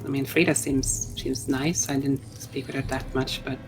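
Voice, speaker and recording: A woman's voice: a bass voice, level tone, moderate pace, music in the background. A woman playing her character in a tabletop game, speaking in a hesitant, apologetic way. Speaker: player.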